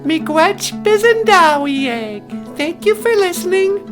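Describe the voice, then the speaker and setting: A woman's voice: extremely high pitch, expressive, takes it slowly. A woman co-hosting a podcast in cheerful casual chat. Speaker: podcast co-host. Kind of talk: casual radio sign-off. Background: guitar music.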